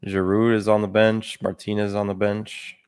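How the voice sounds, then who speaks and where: A man's voice: on the low side, monotone, normal speed, a little mellow, clear, resonant tone. A man co-hosting a watch-along, giving blunt verdicts on the refereeing and the passing. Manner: blunt reactions to plays. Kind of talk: casual chat over a live match.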